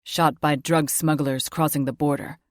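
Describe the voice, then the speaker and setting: A woman narrator voicing grave male werewolf chieftains in an audiobook, low and steady. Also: moderate pace, no room sound, clean studio sound, natural voice.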